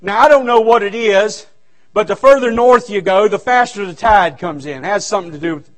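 A man's voice: sits high, animated, moderate pace. A man preaching a fervent, folksy revival sermon in a church. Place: church sanctuary.

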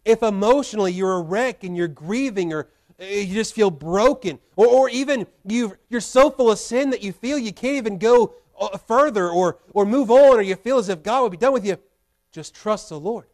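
A man's voice: sits high, expressive, normal speed, a little mellow. A male pastor preaching a sermon in a church, earnest and full of repeated rhetorical questions. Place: church sanctuary.

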